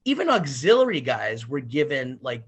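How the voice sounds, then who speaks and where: A man's voice: mid-range voice, big pitch swings, moderate pace, husky. A man co-hosting a podcast, rambling through loose anecdotes full of fillers. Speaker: podcast co-host. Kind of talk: casual podcast chat.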